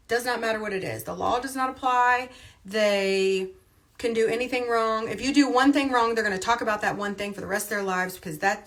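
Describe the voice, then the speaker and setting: A woman talking on a casual livestream, emphatic and chatty, often repeating her points. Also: medium pitch.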